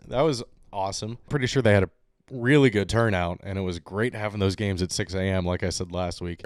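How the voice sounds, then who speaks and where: A man hosting a casual sports podcast, chatting loosely, laughing often and slipping into lively rants. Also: fairly low pitch, clean tone, no echo, clean studio sound. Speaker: podcast host.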